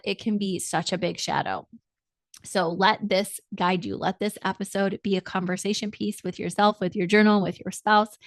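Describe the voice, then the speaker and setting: Female podcast coach, mid-pitched, earnest and encouraging, dry close mic. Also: no room sound. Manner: earnest, encouraging, speaks to listeners directly. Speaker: marriage coach. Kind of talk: solo podcast teaching.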